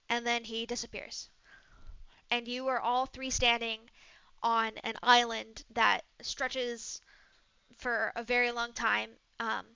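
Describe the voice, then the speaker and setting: A woman narrates a role-play game as its game master, loose and relaxed and full of ums. Her voice is bright and very clear. The recording is dry and slightly dull. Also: on the high side, no echo. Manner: relaxed, with many fillers.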